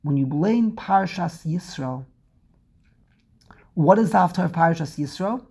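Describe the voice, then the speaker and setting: A woman teaches a religious text lesson on Hebrew prayer and scripture, using rhetorical questions and repetition to build her points as a Torah teacher. Her fairly low, slightly mellow voice has lively intonation and a breathy edge, and she keeps a measured pace.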